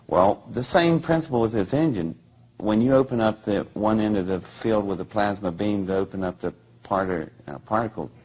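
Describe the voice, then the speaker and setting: Interview guest, male, older, low husky voice, animated storyteller who does the voices of the people he quotes. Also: muffled recording.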